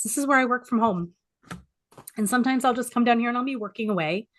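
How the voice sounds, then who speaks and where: Woman, forties, heartfelt personal sharing; soft, pausing delivery, close to tears, home video call. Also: fairly high pitch. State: teary. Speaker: support group speaker. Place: home office. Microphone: home office video call.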